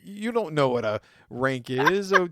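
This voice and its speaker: A man's voice: fairly high pitch, very animated, measured pace, sharp tone, a little hiss or hum. A man co-hosting a casual podcast, ranting in a joking way and acting out little quotes. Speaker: podcast co-host. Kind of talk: casual podcast chat, mock rant.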